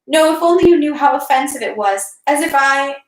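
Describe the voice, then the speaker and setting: A woman voicing a proud, upset young countess who speaks high and emotional, in an echoey room. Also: expressive, brisk. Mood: tearful.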